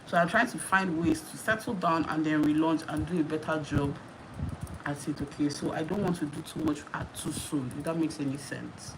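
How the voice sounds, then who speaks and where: Nigerian woman, live-stream chat, talkative, repeats herself, slightly low voice, noisy background. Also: normal speed. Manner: chatty, laughs often, repeats herself. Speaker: YouTuber hosting a live Q&A.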